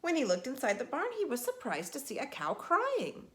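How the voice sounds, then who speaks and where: Woman, picture-book reading, expressive, higher voice, animated. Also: normal speed. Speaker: storyteller.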